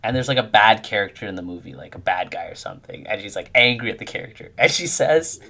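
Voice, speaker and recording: A man in his thirties, a game developer, telling animated stories in casual chat while he codes. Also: on the low side, quick pace, vocal fry. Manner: animated storyteller who acts out quotes.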